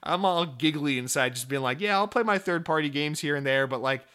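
Young male gaming commentator, casual profane rant, bright edgy tone. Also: fairly high pitch, fairly quick, smooth. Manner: animated, profane, rambling with fillers.

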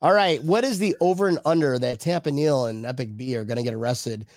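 A man's voice: mid-range voice, brisk, a little mellow, no echo, studio quality. A man co-hosting a casual sports chat show, joking and laughing often as he reads viewer comments. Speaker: podcast co-host.

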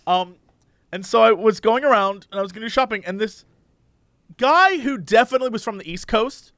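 High, bright-voiced young man telling stories. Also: a little fast, slight background noise. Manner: animated storyteller who acts out quoted voices. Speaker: podcast co-host. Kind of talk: casual chat. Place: Los Angeles area.

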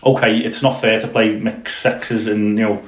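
A man's voice: fairly low pitch, flat delivery, normal speed. A man co-hosting a football podcast in casual chat, rambling with plenty of fillers and restarts. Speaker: podcast co-host. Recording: roomy echo.

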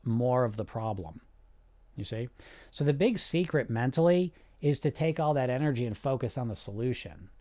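A man's voice: mid-range voice, normal speed. A man hosting a podcast as a weight loss coach, talking directly and casually, often throwing in rhetorical questions and check-ins. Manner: direct and animated, asks rhetorical questions and checks in with "right?" and "you see?"; casual, sometimes swears.

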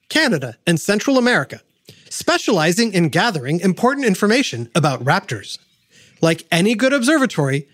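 A woman narrates a kids' science show in a playful, lively voice that swings up and down a lot. She quizzes the listener directly, and the sound is close and dry. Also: fairly low pitch, no room sound. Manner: playful, addresses the listener with quiz questions. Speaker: narrator and host. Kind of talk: scripted educational narration for kids.

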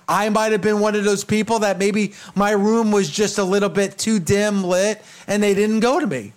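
A man co-hosting a casual talk show tells an emphatic first-hand story, acting out what other people said. His voice sits high, with a steady tone, normal speed, and few pauses.

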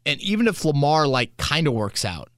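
A man's voice: on the high side, very animated, moderate pace, a bit bright, dry recording. A man hosting a sports podcast in a casual, rambling way, spinning hypotheticals. He is recorded on a close, dry mic. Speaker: podcast host.

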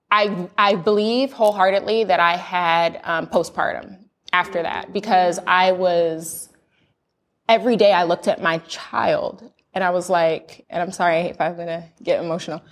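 A young adult woman from the United States telling a personal story in a candid chat, earnest and animated. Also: lowish voice, moderate pace. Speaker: panel guest sharing a birth story.

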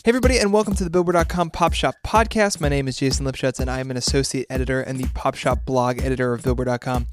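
A man's voice: mid-range voice, over music. Upbeat man hosting a podcast. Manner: quick, laughing, playful. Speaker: podcast host. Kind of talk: casual chat.

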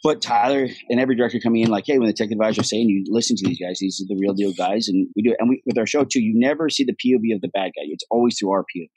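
A man being interviewed as an actor guest, telling stories in a casual, profane, animated way and acting out what others said. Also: on the low side, rapid-fire, hardly any pauses, breathy edge, dry recording, low-quality recording.

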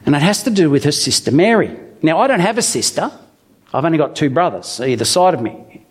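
A man delivers a chatty, story-driven sermon, reading scripture aloud and then explaining it with playful asides. His voice sits fairly high for a man and swoops up and down with lively expression. He talks to the congregation as if chatting with friends. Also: fairly quick, husky. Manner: animated storytelling with humorous asides. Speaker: preacher. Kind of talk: conversational sermon with Bible reading.

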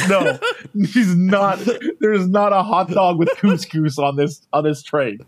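A male podcast co-host with a high voice and slow pace tells a travel story in a casual chat, laughing often and acting out the voices of people he met. He's animated, and the microphone is poor quality.

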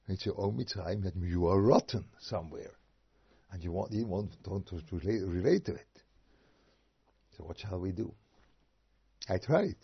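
Man, rabbi's informal Torah talk, low gravelly husky voice, dull lo-fi video call sound. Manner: animated, rhetorical, acts out voices.

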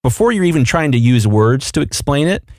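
A man's voice: medium pitch, big pitch swings, fairly quick, a little mellow, no room sound, studio quality. A man co-hosting a podcast, explaining and coaching in casual chat. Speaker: podcast co-host.

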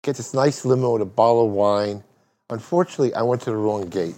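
A man's voice: medium pitch, fast, darkish tone. A man hosting an interview podcast, telling a story and asking rambling questions with restarts. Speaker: podcast host.

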